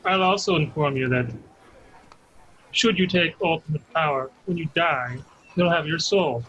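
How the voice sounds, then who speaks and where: A man playing a tabletop game, reasoning in a measured, dry way. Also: a little high, fairly bright tone. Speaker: player. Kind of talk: casual tabletop game chat. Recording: dull lo-fi mic with faint noise.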